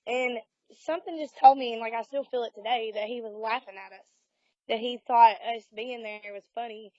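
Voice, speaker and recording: A woman's voice: on the high side, fairly quick, dry recording. Southern woman telling a ghost story. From Alabama. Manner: animated storyteller, acts out quotes. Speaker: paranormal investigator guest. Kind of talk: casual storytelling interview. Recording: dull lo-fi audio.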